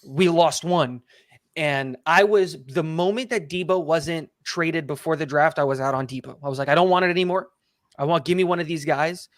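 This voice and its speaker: A man co-hosting a casual sports chat, talking fast and excitedly and often repeating words as he restarts. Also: a little high, dry recording. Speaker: co-host.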